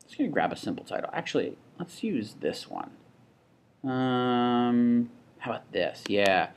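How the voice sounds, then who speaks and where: A man with a young child, teaching a software tutorial in a casual, think-aloud way, with restarts and asides. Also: mid-range voice, very animated, a little slow. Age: adult with a child. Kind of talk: screen-recorded tutorial.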